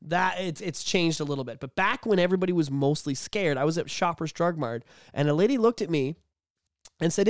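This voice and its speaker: A man co-hosting a casual podcast, talking animatedly and swearing, slipping into mocking high voices. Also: brisk, dry recording, clean studio sound. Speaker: podcast co-host. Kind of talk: casual chat.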